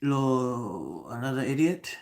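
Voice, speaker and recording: A man's voice: mid-range voice, sing-song, takes it slowly, a little mellow, a little hiss or hum. A Welsh man in his twenties hosting a live stream, reading chat comments aloud and swearing at trolls. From Wales. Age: 20s. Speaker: livestream host.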